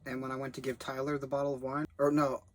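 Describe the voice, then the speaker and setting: A man's voice: mid-range voice, completely flat delivery, fast. A young man rambling in a loose, profane way as he reviews a film he worked on as a background actor. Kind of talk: rambling casual monologue.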